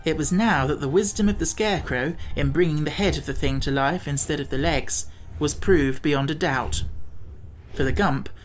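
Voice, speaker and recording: A man reading a classic children's fantasy novel aloud as an audiobook narrator, in a measured, expressive storytelling manner. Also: a little high, faint music behind.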